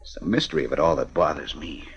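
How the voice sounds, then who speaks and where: A wry steady young husband. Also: male voice, rumbling low, fast. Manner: reassuring, wry, clipped radio delivery. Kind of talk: 1950s radio drama acting. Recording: dull 1950 radio recording.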